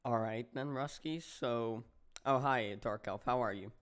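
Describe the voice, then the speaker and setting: A man's voice: medium pitch, unhurried, fairly bright tone, clear, resonant tone. An American man hosting a live-streamed interview, casual and chatty. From United States. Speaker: host.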